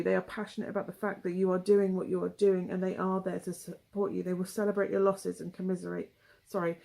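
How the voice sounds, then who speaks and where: Gravelly chatty West Country woman. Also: medium pitch, mellow. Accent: West Country English. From England. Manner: chatty, rambling, with frequent ums and asides. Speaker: tarot reader. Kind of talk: casual tarot reading.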